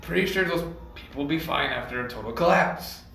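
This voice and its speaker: Pushy ship captain, man voicing him, offhand, bright voice, echoey room. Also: a little high, a little fast, vocal fry, faint music behind. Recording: echoey room, mic at a distance.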